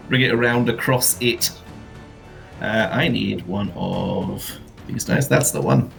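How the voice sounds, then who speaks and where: A man's voice: mid-range voice, animated, slow, vocal fry, music in the background. A man playing a tabletop game, casual and drawling, laughing often. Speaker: player.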